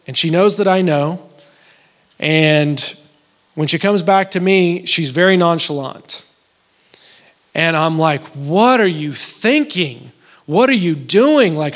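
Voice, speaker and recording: A married man delivers a sermon in a somewhat high voice. He tells stories casually, with small restarts, and builds to emotional, pleading peaks. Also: fairly bright tone. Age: adult, married. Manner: conversational storytelling with restarts. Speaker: pastor.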